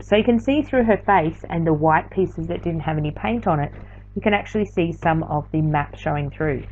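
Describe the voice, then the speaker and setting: A woman's voice: sits low, darkish tone. A tired woman, chatting casually through a late-night craft tutorial voiceover, rambling and correcting herself as she goes. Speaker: art journaling teacher. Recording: slightly dull lo-fi sound.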